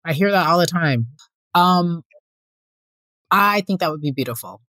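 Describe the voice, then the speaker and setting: A woman's voice: fairly low pitch, expressive, a little slow, sharp tone, dry recording. A woman hosting an interview, talking in an emphatic, insistent way. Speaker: host. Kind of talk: warm conversational interview.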